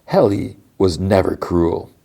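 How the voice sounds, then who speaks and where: A man's voice: sits low, expressive, takes it slowly, creaky, mellow, full character voice. A man quoting a frantic, accusing office worker. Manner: quoted lines in a recap, half-acted. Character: agitated middle-aged male office worker, accusing.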